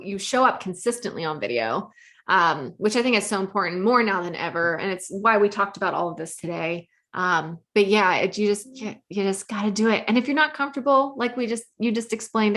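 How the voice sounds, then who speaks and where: A woman's voice: mid-range voice, animated, normal speed, fairly bright tone. A woman with a soothing voice, hosting a podcast in a casual conversation with a guest. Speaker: podcast host.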